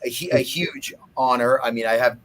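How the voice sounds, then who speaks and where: A man's voice: mid-range voice, little pitch movement, normal speed, a bit bright. A man, a guest musician in a casual interview, telling long stories with many restarts. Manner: rambling storyteller with many restarts.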